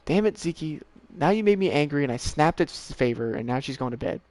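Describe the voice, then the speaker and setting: A man streaming a video game, talking casually to himself and to the characters on screen, swearing often and getting worked up quickly. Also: on the high side, expressive, darkish tone, no echo. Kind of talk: casual gameplay commentary.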